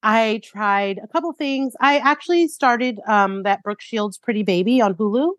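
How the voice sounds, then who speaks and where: A woman's voice: fairly high pitch, moderate pace, no room sound, clean studio sound. A middle-aged woman co-hosting a podcast, chatting casually, her voice a bit sick from a cold, with lots of fillers and laughs. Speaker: podcast co-host. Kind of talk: casual chat.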